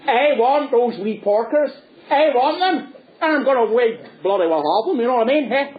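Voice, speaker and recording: A man's voice: very high-pitched, expressive, moderate pace, voice pushed up. A man doing a greedy Ulster crocodile. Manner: blustering, menacing. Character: greedy gruff male crocodile puppet. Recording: echoey, phone-like lecture recording.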